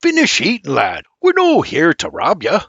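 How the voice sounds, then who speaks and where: A man putting on a booming Irish frontiersman. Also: wildly swooping pitch, moderate pace, vocal fry, fairly bright tone, slightly rough, no echo, dull audio, exaggerated voice. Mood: boisterous. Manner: boisterous, booming, blustery. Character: hearty burly bearded Irish frontiersman, middle-aged man.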